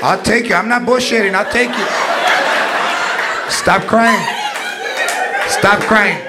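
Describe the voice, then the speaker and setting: A man's voice: high voice, slow pace, a loud crowd, very noisy. A man on a comedy stage playing a strict grandmother who scolds a young boy, mixing Spanish slang into her English. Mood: coaxing. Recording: live club, loud audience laughter.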